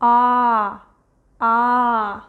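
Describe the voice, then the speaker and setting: A woman teaching beginners, slowly sounding out letters and syllables and repeating each one, with short praise in between. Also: on the high side, little pitch movement, phone-quality sound. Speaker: language teacher. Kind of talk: slow beginner pronunciation lesson.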